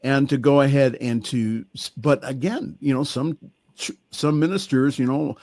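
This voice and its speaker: A man's voice: mid-range voice, no echo. Dry-sounding man on a video call. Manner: measured, repeats "again" and "you know". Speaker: fill-in co-host and minister. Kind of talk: casual conversation on a call.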